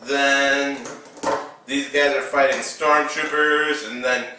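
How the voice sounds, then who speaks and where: A man's voice: mid-range voice, fairly even intonation, slow, heavy reverb, far from the mic, noisy background. A man casually recapping a film with toy figures, rambling with lots of fillers.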